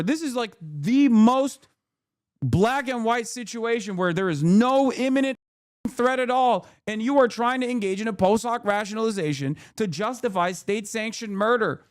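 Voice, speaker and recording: A man's voice: extremely high pitch, moderate pace. A man streaming live, ranting heatedly and with lots of swearing as he argues back at his chat. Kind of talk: livestream commentary, arguing with chat.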